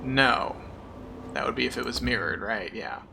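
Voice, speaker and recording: In this game stream with music behind it, a man speaks at a normal pace in a creaky, mid-range voice, with background noise present. Frustrated and self-deprecating, he swears frequently while playing a puzzle game, chatting casually and thanking his viewers.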